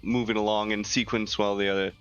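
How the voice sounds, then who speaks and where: A man's voice: on the low side, little pitch movement, quick pace, a bit bright, clear, resonant tone, highs cut off, faint music behind. A man playing a tabletop game, describing his character's actions in a rambling, filler-heavy way. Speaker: player.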